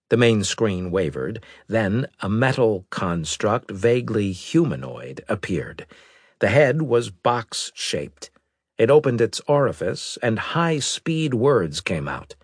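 A man narrating an audiobook in a steady, even storytelling manner. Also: fairly low pitch, a little slow, husky, no echo, clean studio sound. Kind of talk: scripted narration.

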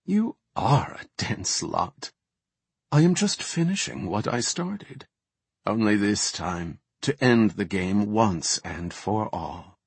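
Cold vengeful female warden, read by a man, calm, contemptuous, low husky voice, slow. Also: no echo, heavily acted. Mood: cold contempt.

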